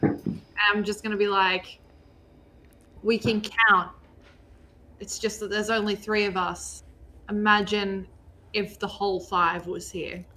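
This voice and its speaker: A woman's voice: medium pitch, level tone, takes it slowly, long pauses, pushed and bright, slight background noise, poor audio. A woman with an Australian accent playing a tabletop game, playful and giggly, blunt when she speaks in character. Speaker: player.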